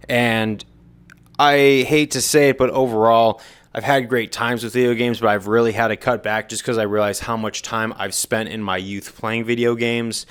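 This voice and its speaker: A man's voice: medium pitch, clear, resonant tone. Earnest young man rambling about games. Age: young adult. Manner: rambling, earnest, frequent fillers. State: has the hiccups. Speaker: gaming commentator. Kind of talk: opinion monologue.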